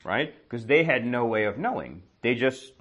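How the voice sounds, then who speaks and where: A man's voice: mid-range voice, sing-song, moderate pace, a bit bright, husky, muffled recording. A man teaching with a casual story, asking and answering his own questions and often adding "right?".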